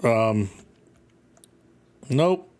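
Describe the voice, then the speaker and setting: A man's voice: mid-range voice, lively intonation, very slow, a little mellow. Playful man rambling over gameplay. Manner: rambling, playful, jokey asides. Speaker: gaming channel host. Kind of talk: casual gameplay commentary.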